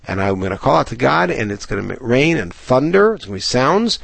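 A man's voice: medium pitch, big pitch swings, moderate pace, gravelly, husky, no echo. A man giving a Bible lesson, reading Hebrew verses aloud and then explaining them in English. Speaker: Bible teacher. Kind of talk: recorded Torah lesson.

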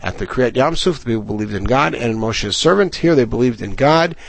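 A man's voice: medium pitch, animated, fairly quick, vocal fry, no room sound. A man giving a Bible lesson, reading Hebrew verses aloud and then explaining them in English. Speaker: Bible teacher. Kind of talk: recorded Torah lesson.

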